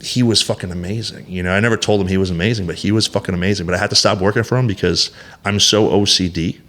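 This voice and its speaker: Blunt, low-voiced man swearing freely. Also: steady tone, fast, a bit bright. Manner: blunt, heavy swearing, emphatic; rambling with restarts and fillers. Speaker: guest. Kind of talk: candid podcast conversation.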